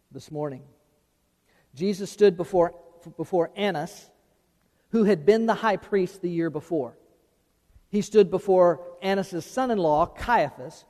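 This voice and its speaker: Male pastor, high voice, folksy sermon with restarts, big reverberant church hall. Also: darkish tone. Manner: folksy preaching with repeated restarts, acting out quoted voices. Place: church sanctuary. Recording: long reverb of a large hall.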